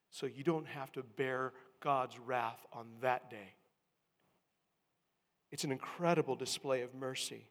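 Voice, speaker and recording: A man's voice: mid-range voice, steady tone, moderate pace. Reverberant preacher, a man. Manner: swings from hushed to loud emphatic calls. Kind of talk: sermon.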